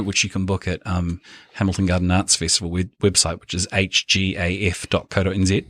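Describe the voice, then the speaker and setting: A man hosting a podcast, chatty and quick to laugh. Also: sits low, little pitch movement, a bit bright, no room sound. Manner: chatty, laughs easily, plugs events. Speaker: podcast host. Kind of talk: casual podcast chat.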